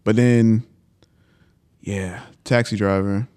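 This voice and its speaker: A man's voice: on the low side, steady tone, takes it slowly, a little mellow, clear, resonant tone. A man hosting a podcast, talking in a laid-back, casual way with lots of "yeah, man". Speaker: podcast host. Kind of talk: casual chat.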